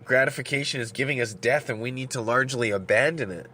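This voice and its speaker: A man in the middle of a long solo rant on his podcast, cursing freely and circling back over his own words. He doubles up words as he searches for the next thought. His voice sits at an ordinary middle pitch while he smokes and sips coffee. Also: quick pace, sharp tone, a little hiss or hum. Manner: rambling, profane, repeats words while thinking; smoking and drinking coffee while talking. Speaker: podcast host.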